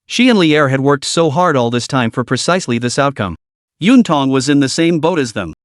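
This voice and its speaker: Man, narrator, scripted story recap, dramatic, animated pitch, dry close mic. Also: brisk, dry recording.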